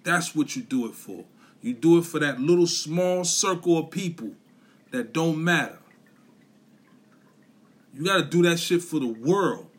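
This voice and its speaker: A man's voice: on the high side, lively intonation, measured pace, pauses often, slightly rough. A man on a podcast giving a blunt, profane, repetitive motivational rant, full of slang. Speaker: podcast host.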